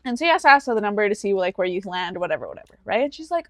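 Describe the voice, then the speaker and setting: A woman's voice: medium pitch, very animated, rapid-fire, hardly any pauses. A woman in her twenties, co-hosting a podcast and telling a personal story animatedly, slipping into the voices of the people she quotes. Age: 20s. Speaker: podcast co-host. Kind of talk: casual chat.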